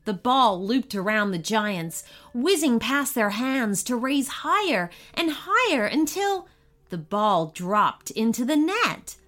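Woman, storyteller, children's story, animated, higher voice, very lively. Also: slow pace. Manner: expressive, animated narration.

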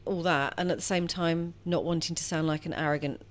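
Chatty woman, low voice. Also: fairly even intonation, brisk. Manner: chatty, warm, frequent restarts and self-corrections. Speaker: guest actress. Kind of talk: casual podcast interview.

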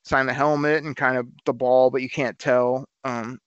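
A man co-hosting a podcast, telling a story in a casual, animated way and acting out the quotes. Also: medium pitch, normal speed, smooth, no room sound, muffled recording. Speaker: podcast co-host.

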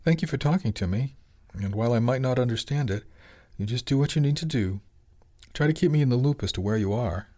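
A man voicing a gentle, affectionate wife who talks in a warm, reassuring way. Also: medium pitch, lively intonation, a little fast, natural voice. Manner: warm, reassuring, softly teasing. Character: affectionate wife, middle-aged woman, gentle.

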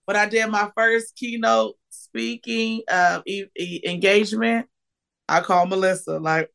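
A woman in her forties with a gravelly, fry-tinged voice, chatting as a podcast guest. She is lively and emotional, laughs a lot and breaks into excited bursts. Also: medium pitch, a little slow. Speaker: guest, comedian and keynote speaker. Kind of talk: casual podcast interview.

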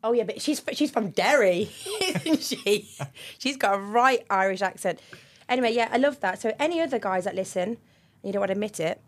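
A woman's voice: mid-range voice, expressive, brisk. A young woman co-hosting a podcast in casual chat, giggly and reading out listener messages. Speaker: podcast co-host.

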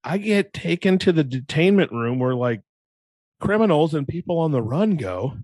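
A young man from Iowa hosting a solo podcast, telling a rambling, animated story full of restarts and acted-out quotes. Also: a little high, moderate pace, dry recording. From Iowa, USA. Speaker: podcast host.

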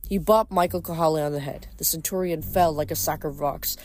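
A woman reading a novel aloud and adding rambling, expressive commentary between chapters. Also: sits low, fairly quick. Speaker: audiobook reader.

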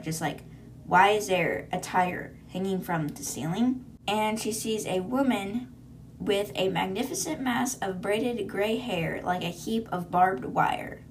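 A woman's voice: medium pitch, a little hiss or hum. A young woman hosting a podcast, casually recapping a book chapter by chapter and reacting as she goes. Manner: chatty, lots of fillers, reacts to the story. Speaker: podcast host.

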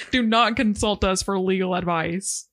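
A woman's voice: medium pitch, fairly bright tone. A woman co-hosting a casual podcast, chatting and laughing often as she reads posts aloud. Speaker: podcast co-host.

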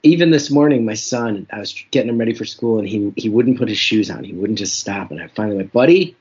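A man's voice: lowish voice, fast talker, darkish tone, slightly rough. A man, a comedian guest telling frank, reflective, self-deprecating stories in an interview. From New Jersey. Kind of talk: candid interview storytelling. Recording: dull lo-fi recording.

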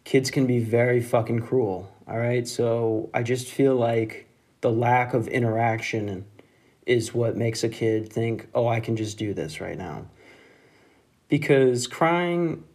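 A man's voice: medium pitch, a little mellow. Rambling young man telling a story. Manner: rambling, profane, laughs at own jokes. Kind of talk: casual storytelling monologue.

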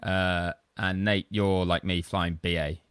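A man's voice: low-pitched, little pitch movement, slow, fairly bright tone, clear, resonant tone, no room sound. A man co-hosting a podcast, telling long, rambling, self-deprecating stories in casual chat. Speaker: podcast co-host.

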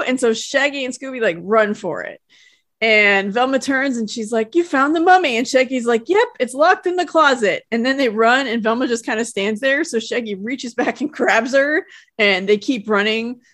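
A woman's voice: on the high side, moderate pace, fairly bright tone, dry recording, studio quality. A woman co-hosting a podcast, chatting casually about a cartoon episode and laughing often. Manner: chatty and giggly. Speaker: podcast co-host. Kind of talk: casual chat.

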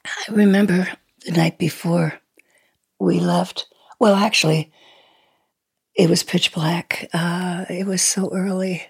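A woman in her eighties, originally from Sweden, reminiscing softly in an interview, halting and laughing often. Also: fairly low pitch, steady tone, creaky, slightly rough, no echo. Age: 80s. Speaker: interview guest. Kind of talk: reminiscing conversation.

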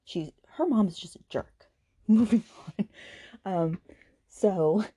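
A woman hosting a podcast, giving a casual, animated book review rant full of fillers like "like" and "okay". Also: lowish voice, slow pace, breathy edge, dry recording. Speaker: podcast host.

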